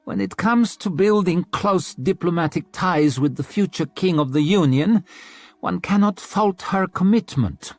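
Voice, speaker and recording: A man voicing a haughty queen who speaks in a sharp, precise, cutting way. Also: a little high, big pitch swings, normal speed, husky, no echo, pitched above the performer's own voice, heavily acted. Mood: icy. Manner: sharp foreign-sounding, icy and precise.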